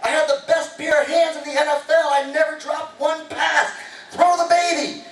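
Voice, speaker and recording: A male comedian playing a boastful football star who shouts urgent, pushy orders. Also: very high voice, little pitch movement, normal speed, recorded from a distance, slight background noise, voice pushed up. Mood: urgent shouting. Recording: echoey club recorded from afar.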